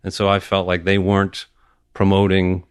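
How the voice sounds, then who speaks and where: A man with a very deep voice, an orthopedic surgeon appearing as a podcast guest. He talks in an easygoing, casual way and uses many fillers. His voice is recorded dry, with no room sound. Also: completely flat delivery, moderate pace, clean tone, no echo. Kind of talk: casual interview chat.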